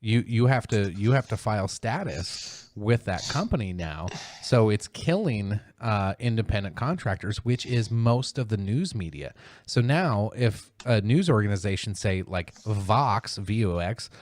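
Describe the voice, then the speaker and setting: A man's voice: expressive, measured pace, a little mellow. A man hosting a casual podcast, ranting about politics with plenty of swearing and mocking impressions. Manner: profane, heated, mocking mimicry in high voice. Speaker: podcast host.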